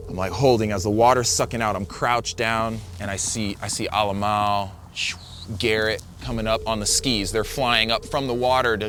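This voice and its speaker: A man's voice: on the low side, a bit bright, slight background noise. A young man, a big wave surfer, recounting a near-death wipeout in vivid, breathless storytelling full of fillers.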